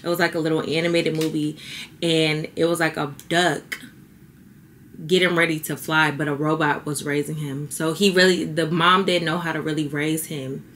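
Young female vlogger, low-pitched, heartfelt and chatty, slightly emotional. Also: level tone, moderate pace, a bit bright, a little hiss or hum. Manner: heartfelt, chatty, says y'all. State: a little teary. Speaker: beauty vlogger. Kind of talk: casual vlog talk to camera.

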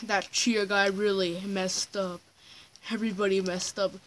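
A woman's voice: mid-range voice, level tone, measured pace, a little hiss or hum, lightly acted. A woman voicing a boastful, threatening evil old grandpa in improvised game role-play, with gloating lines and cackling laughs.

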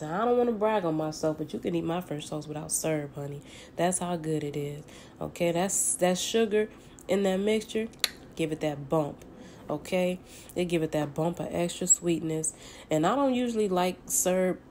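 A Southern woman with a fairly low voice, talking her viewers through breakfast at her own stove. Her chat is folksy and loose, peppered with endearments, and a faint hum of household ambience sits behind her. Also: a little mellow. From Southern United States. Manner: folksy and chatty, calls viewers honey and baby. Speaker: home cook. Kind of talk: casual cooking tutorial chat. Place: home kitchen at the stove.

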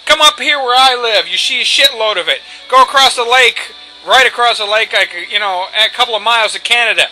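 A man with a high, piercingly bright voice commentates a let's play in a loose, casual way. He rambles and swears freely as he rants about the game. Game music plays faintly behind him. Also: fairly quick, poor audio. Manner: rambling, profane, ranting asides. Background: faint video game music.

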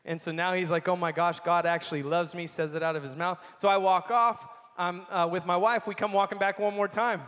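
A man giving a sermon as a personal story, animated and laughing often as he tells it. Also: high voice, brisk, hardly any pauses. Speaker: conference speaker. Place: large conference hall. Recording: long hall reverb.

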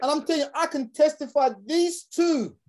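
A man's voice: very high-pitched, normal speed, a little mellow. A man hosting a live online talk, addressing his audience in a rousing, preacher-like way over a video call. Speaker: host. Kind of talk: energetic live show hosting.

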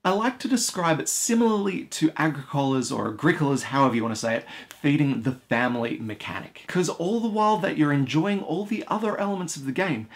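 Enthusiastic board game reviewer. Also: male voice, on the high side, big pitch swings, fairly quick, few pauses. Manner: enthusiastic, chatty, addresses viewers directly. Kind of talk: gameplay explanation and review.

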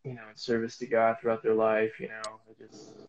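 A man's voice: fairly low pitch, monotone, fairly quick, dull audio, a little hiss or hum. A man speaking as a guest, telling a casual faith testimony in a rambling way with many fillers and restarts.

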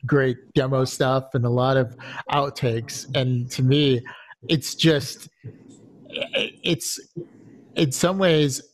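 A man hosts a podcast panel, throwing questions to the group in a hesitant, word-searching way. His voice is a plain middle pitch. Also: fairly even intonation, takes it slowly. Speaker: podcast host.

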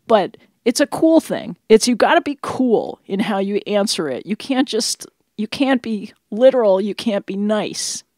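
A woman's voice: medium pitch, expressive, a little slow, darkish tone, no room sound, clean studio sound. A woman co-hosting a radio chat show, teasing her partner in playful banter. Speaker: radio co-host. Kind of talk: casual chat. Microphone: studio headphones and mic.

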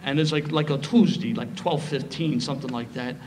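A middle-aged man with a Philadelphia accent, telling a lively, humorous story of his past at a recovery meeting. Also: medium pitch, brisk. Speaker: speaker sharing his story. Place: meeting hall. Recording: roomy hall, faint noise.

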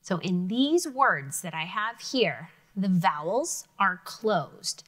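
A woman teacher giving an encouraging, clearly spoken lesson to young students. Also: mid-range voice, very animated, slow pace, fairly bright tone. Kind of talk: televised classroom lesson for children.

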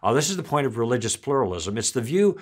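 A man's voice: medium pitch, fast talker, husky. A middle-aged man giving a recorded church teaching, telling stories and acting out both sides of a conversation. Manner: animated storytelling, acting out dialogue.

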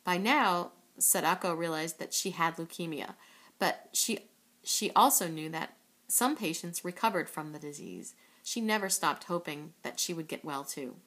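A woman reading a children's book aloud in a steady voice, now and then correcting a slip. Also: deep voice, moderate pace. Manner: steady, with occasional slips and self-corrections. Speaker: reader.

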